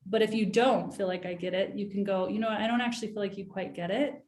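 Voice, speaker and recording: A woman guest on a podcast explains a coaching method. She acts out both sides of an exchange in a soft, even voice. Her voice sounds in a roomy, echoing space. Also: medium pitch, fast. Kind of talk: podcast interview, coaching advice.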